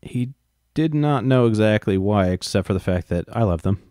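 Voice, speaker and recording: A man's voice: fairly low pitch, lively intonation, normal speed, warm tone, clean tone, no echo, clean studio sound. A man reading a book aloud and breaking off into wry, profane asides. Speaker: reader and commentator.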